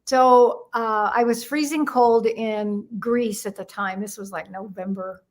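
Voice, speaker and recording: A woman's voice: on the high side, measured pace. An older woman from the United States, a guest telling stories in an interview and acting out the voices in them. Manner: animated, acts out voices in her stories. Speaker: guest, numerologist. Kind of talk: storytelling in a chat interview.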